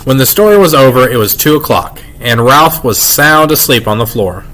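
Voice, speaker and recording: A man reads a children's chapter book aloud, telling it in a lively, expressive way. His voice sits at an everyday middle pitch. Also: moderate pace, low-quality recording. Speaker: reader. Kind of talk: reading a children's novel aloud.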